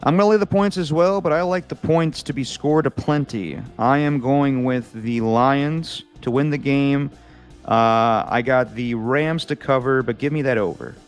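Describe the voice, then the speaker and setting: A man co-hosts a laid-back football picks chat, reading each matchup before riffing on his own calls. His voice sits at an ordinary middle pitch and comes through a video call. Faint music plays underneath. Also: a little slow, clean tone. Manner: relaxed, reads matchups then riffs on picks. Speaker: co-host reading out games and picks. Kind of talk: casual sports picks chat.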